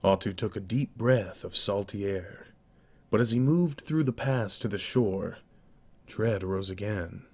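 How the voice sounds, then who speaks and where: Man, novel narration, dry reading on a live stream, low voice, very slow, deliberate. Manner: slow, deliberate reading with occasional self-corrections. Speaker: audiobook narrator.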